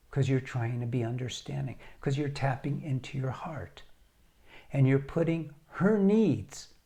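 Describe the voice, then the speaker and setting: A man speaking as a marriage coach, giving earnest, direct advice to the camera with deliberate, emphatic pauses. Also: medium pitch, warm tone.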